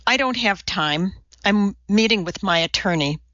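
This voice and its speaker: A woman's voice: mid-range voice, animated, a little slow, a bit bright, no room sound, muffled recording. A woman voicing a protective, feisty older female neighbor who chats indignantly, in a storybook reading. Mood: chatty. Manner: chatty, indignant.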